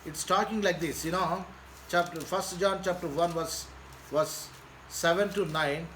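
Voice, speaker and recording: A man's voice: fairly high pitch, measured pace, fairly bright tone, slight background noise, rough recording. A male pastor preaching a sermon, repeating phrases in an earnest, pleading way.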